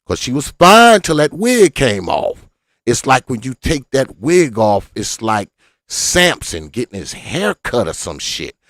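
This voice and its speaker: A man hosting a show, giving crude, mocking reaction commentary on a video and acting out other voices in quick asides. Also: medium pitch, wildly swooping pitch, a bit bright, dry recording, studio quality. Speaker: host.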